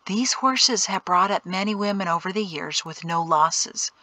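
A woman reading aloud voices a calm, knowledgeable male guide who explains things steadily. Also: high voice, normal speed, no room sound, low-quality recording.

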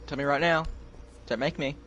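A man's voice: on the high side, steady tone, normal speed, bright, forceful tone, muffled recording, slight background noise. A man playing a shooter with a friend, joking around and playfully threatening in casual banter. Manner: playful, mock-threatening, laughing. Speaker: teammate.

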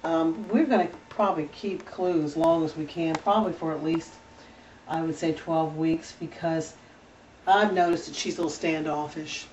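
A woman's voice: deep voice, fairly even intonation, moderate pace, a little mellow, a little hiss or hum. A woman breeder giving a casual home video tour, talking in a chatty, doting way with many fillers. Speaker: dog breeder. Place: indoors at home with puppies. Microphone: camera held by a helper. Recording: slightly distant, dull camera audio.

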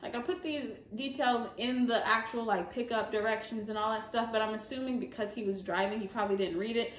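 Animated young Southern woman telling a story. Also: fairly high pitch, a little fast. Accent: Southern American. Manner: animated, laughing storyteller with many fillers. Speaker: vlogger. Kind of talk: casual storytime. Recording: echoey room.

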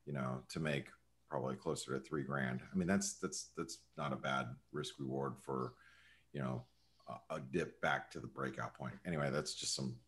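Deep-voiced male host, loose and rambling, live trading webinar. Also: fairly even intonation, normal speed. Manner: rambling, many fillers, jumps in loudly. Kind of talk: casual market commentary.

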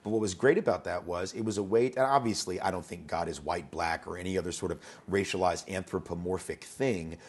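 A man's voice: low-pitched, fairly quick, hardly any pauses, a little hiss or hum. A man being interviewed as an educator, talking conversationally and telling anecdotes, often repeating words as he starts a thought.

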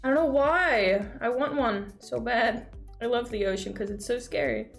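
A young woman streaming, chatting casually while reacting to videos, excitable and swearing freely. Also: fairly high pitch, moderate pace, creaky, soft background music.

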